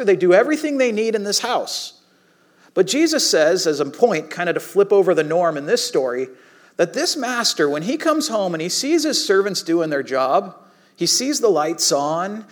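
Casual preacher, man, high-pitched voice, chatty sermon delivery with animated asides. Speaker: pastor.

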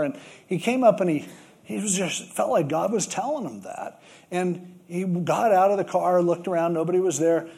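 A man's voice: a little high, darkish tone. A man preaching a sermon, telling stories and acting out the voices in them. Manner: storytelling, acts out quoted voices. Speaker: pastor.

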